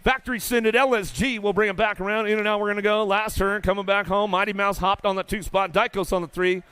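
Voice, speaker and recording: A man announcing live BMX races in an indoor arena, rattling off riders' names in rapid play-by-play with casual, folksy banter. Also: sits high, fairly even intonation, sharp tone, clear, resonant tone. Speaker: race announcer. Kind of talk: live BMX race commentary.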